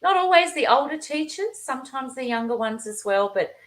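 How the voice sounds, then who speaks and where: A middle-aged woman teacher, a guest telling stories in a lively conversational way, acting out quoted voices. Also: high voice, brisk, poor audio. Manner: animated storyteller, acts out quoted voices. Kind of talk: conversational interview.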